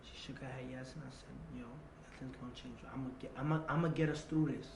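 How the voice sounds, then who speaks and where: A man telling a long personal story in an interview. He repeats phrases, acts out remembered dialogue and drops to a low, quiet voice for the tense parts. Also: steady tone, fast, gravelly, noisy background. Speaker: interview guest. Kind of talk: casual storytelling. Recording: roomy echo.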